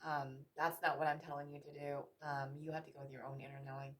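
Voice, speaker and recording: A woman's voice: low-pitched, little pitch movement, fast. A woman giving a tarot reading, emotional and repetitive, swearing casually as she talks. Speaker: tarot reader.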